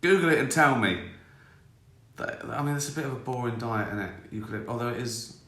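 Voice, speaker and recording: A man's voice: mid-range voice, lively intonation, fairly quick, fairly bright tone. A man in his sixties chatting casually on a live stream, rambling and mocking himself as he answers viewer questions. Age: 60s. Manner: rambling, self-mocking, chuckling. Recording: roomy echo.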